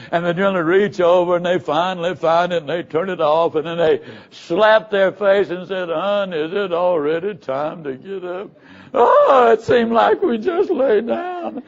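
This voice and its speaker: A man's voice: sits high, a bit bright. A man giving a live motivational speech, telling folksy stories with jokes and instructions for the audience. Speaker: motivational speaker. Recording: dull lo-fi recording.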